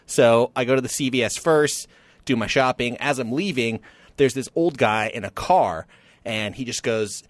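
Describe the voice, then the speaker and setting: A man co-hosting a casual podcast chat, telling a story in an animated, self-deprecating way. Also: mid-range voice, normal speed, dry recording. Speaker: podcast co-host.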